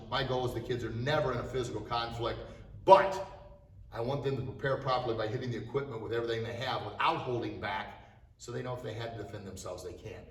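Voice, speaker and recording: Energetic martial arts instructor, echoey room. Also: male voice, mid-range voice, recorded from a distance. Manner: energetic, shouts sharp strike cries. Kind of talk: demonstrating self-defense to students. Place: martial arts studio, indoors. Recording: echoey studio, voice from off-mic.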